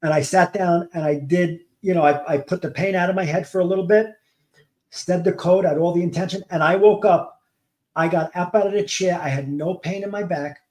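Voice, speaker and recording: A man's voice: sits high, brisk, darkish tone, echoey room, low-quality recording. A man hosting a podcast, talking in a rambling, casual way with many restarts and fillers. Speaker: podcast host. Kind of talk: casual monologue.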